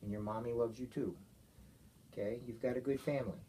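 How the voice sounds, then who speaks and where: A father giving his young daughter an earnest, gentle talk, often checking with "okay?". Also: mid-range voice, fairly even intonation, a little fast, slight background noise. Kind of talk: heartfelt talk to his child.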